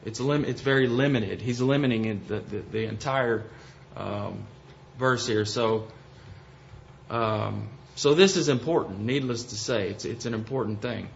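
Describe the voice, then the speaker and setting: A man's voice: fairly low pitch, steady tone, a little slow, creaky. Male Bible study teacher, hesitant explainer, dull lo-fi recording, faint hiss. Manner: explanatory, hesitant with frequent ums and restarts.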